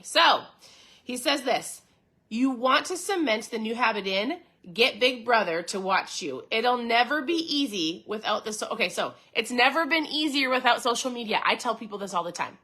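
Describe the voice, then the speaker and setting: Fairly high in pitch, this woman's voice is bright with a forceful tone. As a podcast host, she keeps things chatty and enthusiastic, talking straight to her audience and reading aloud from a book.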